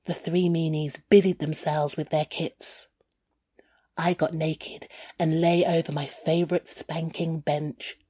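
A woman reading her own first-person memoir aloud in a candid, unhurried storytelling manner. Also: sits low, a little mellow, slightly rough, dry recording. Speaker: narrator.

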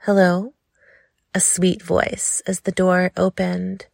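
A woman reads a sensual story slowly and softly, taking her time. Her voice sits low with a gravelly fry. The recording is close and dry. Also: fairly even intonation, dry recording. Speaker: narrator. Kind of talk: sensual audiobook narration.

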